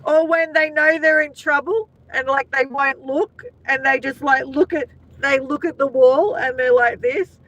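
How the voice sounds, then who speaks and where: A woman's voice: high-pitched, steady tone, a little slow, hardly any pauses, a bit bright, poor audio. An Australian woman hosting a casual live chat, laughing often and talking to her viewers by name. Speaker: livestream host.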